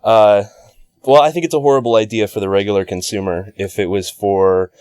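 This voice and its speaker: A man's voice: fairly low pitch, fairly even intonation, a little fast, a little mellow, smooth, dry recording. A man appearing as a guest on a casual tech podcast, blunt and joking.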